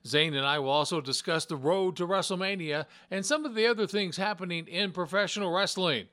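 A man's voice: high voice, a little fast, pushed and bright. A man hosting a wrestling podcast, talking in a casual, joking way and stammering now and then. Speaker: podcast host. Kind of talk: casual chat.

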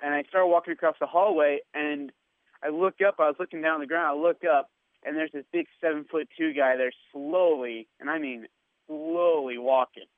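A man's voice: on the high side, fairly quick, dry recording. A man guest telling a story in a casual chat, acting out the lines of people he met. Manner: animated storyteller, acts out quotes. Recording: tinny phone line.

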